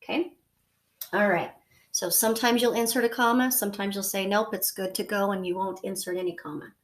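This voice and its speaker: A woman's voice: medium pitch, fairly even intonation, brisk. A woman teacher giving a recorded lesson to her class, patient and repetitive, checking in often with the listener. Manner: patient, repeats points, frequent okay and so.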